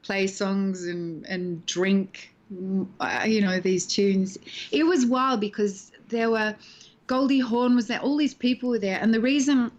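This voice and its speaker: Rich: An Australian woman in her sixties, talking in a relaxed interview. She tells her stories with energy and slips into the voices of the people she remembers. Her pitch sits in a middle range for a woman. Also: measured pace, lo-fi sound. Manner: lively storyteller who acts out the people in her anecdotes. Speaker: actress interviewed as guest. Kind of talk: casual interview chat.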